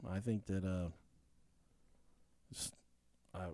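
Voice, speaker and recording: A man's voice: deep voice, fairly even intonation, slow pace, mellow, no echo. A young man on a podcast telling a rowdy story in casual chat, profane, acting out the people he quotes. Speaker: podcast host.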